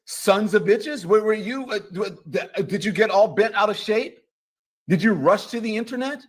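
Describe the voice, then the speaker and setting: A man's voice: high voice, expressive, moderate pace. A man giving a sarcastic monologue as a political commentator, piling up rhetorical questions. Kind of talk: ranting monologue to camera.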